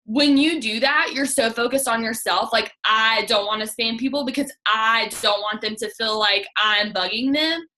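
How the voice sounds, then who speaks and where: A woman's voice: fairly high pitch, lively intonation, fairly quick, bright, forceful tone. A young woman giving casual coaching on sales messaging, chatty and upbeat with lots of "like.". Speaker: direct sales team leader.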